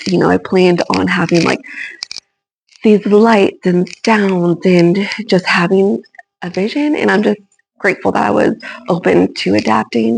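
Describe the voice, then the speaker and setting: A young woman talks through her birth story in a relaxed, chatty vlog style. Her voice sits at a middle pitch with a gravelly, fry-heavy edge. She fills her sentences with ums and likes as she goes. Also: low-quality recording. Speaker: new mother telling her birth story. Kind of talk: casual storytelling to camera.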